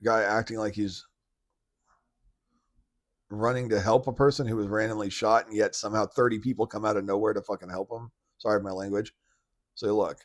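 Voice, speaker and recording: Podcast host, male, lowish voice, rambling and blunt, casual monologue. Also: steady tone, brisk. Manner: rambling, loose, many restarts and "like" fillers; blunt and mocking, with occasional swearing.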